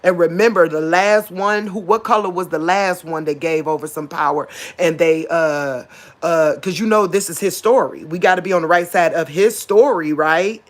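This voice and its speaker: A woman preaches straight to her viewers, like an informal sermon. She pushes her voice high and hard when she wants to stress a point. At other moments she drops to a soft, emotional murmur. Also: moderate pace. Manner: repeats "real talk" and "you get what I'm saying". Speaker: online preacher. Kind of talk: informal spoken sermon to camera.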